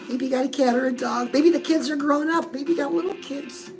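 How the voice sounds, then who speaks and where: High-pitched sassy woman coaching "girl". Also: a little fast, darkish tone, soft background music, low-quality recording. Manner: chatty, sassy, keeps calling the listener "girl". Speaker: self-help show host. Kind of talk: comedic live-show coaching talk. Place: live show.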